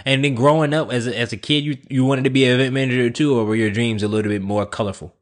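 A man's voice: medium pitch, fairly even intonation, fast. A man hosting a podcast interview, friendly and jokey, laughing along with his guest. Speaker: podcast host. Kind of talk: casual interview talk.

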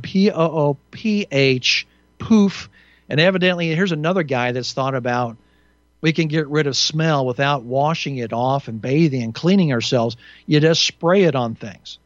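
A man's voice: fairly high pitch, moderate pace, no room sound, lo-fi sound. A man hosting a talk radio show alone, rambling through indignant, sarcastic commentary with frequent restarts and fillers.

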